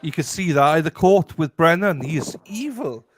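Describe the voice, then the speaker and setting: A man's voice: fairly high pitch, lively intonation, normal speed, a little hiss or hum. A man co-hosting a livestream, easygoing and agreeable, reading out chat comments.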